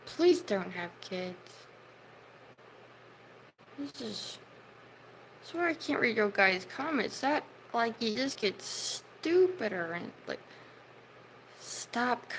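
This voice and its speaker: A woman on a livestream tears into her viewers' comments with a heated, swearing, scolding delivery. Her voice sits on the high side, and she drags her words out slowly. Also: sing-song, a little hiss or hum, poor audio. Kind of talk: livestream rant at chat.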